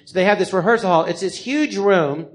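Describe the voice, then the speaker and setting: A man's voice: high voice, fairly quick. A man in his fifties from California, telling a live story on a theater stage with lots of swearing, acting out the people he quotes. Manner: animated, profane, acts out the people he quotes.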